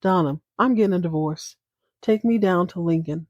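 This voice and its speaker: A woman voicing a fed-up matriarch in her sixties, cool and collected, with a clear, dry sound. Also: fairly low pitch, normal speed, no room sound, muffled recording, close to an everyday voice. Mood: cool firm. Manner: cool, collected, repeating herself flatly.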